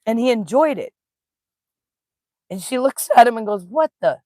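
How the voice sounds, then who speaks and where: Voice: mid-range voice, normal speed, darkish tone, dry recording, studio quality. A spiritual teacher giving a casual live-streamed talk, telling stories with folksy slang and greeting viewers in the chat. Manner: laughs easily, folksy slang.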